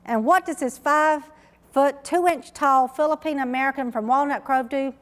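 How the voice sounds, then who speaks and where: A woman's voice: high-pitched, normal speed, a bit bright. A woman, giving an emphatic, story-driven conference talk as a researcher. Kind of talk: conference keynote speech. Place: large conference hall. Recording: reverberant lecture hall.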